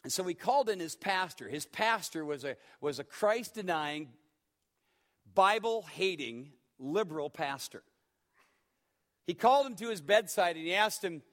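Middle-aged man, pastor, sermon, high voice, emphatic, hushed to shouting.

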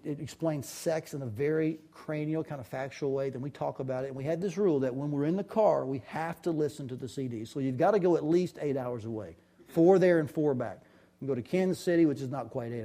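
A man's voice: fairly high pitch, dark tone. A middle-aged man telling family stories to an audience in a candid, folksy, chatty way. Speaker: father giving a talk. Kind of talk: storytelling talk.

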